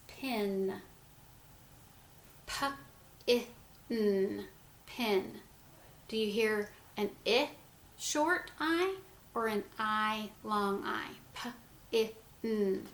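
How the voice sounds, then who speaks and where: Woman teacher, slow phonics lesson, sounds words out letter by letter, gentle and encouraging, echoey room. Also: mid-range voice. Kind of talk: phonics lesson for young children. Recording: echoey room with faint ambience.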